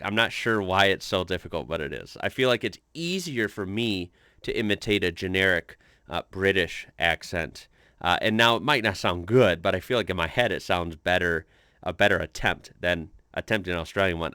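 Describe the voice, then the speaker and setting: A man's voice: deep voice, bright, forceful tone, clean tone, no echo, clean studio sound. An American man hosting a reaction video, rambling and thinking aloud in casual commentary.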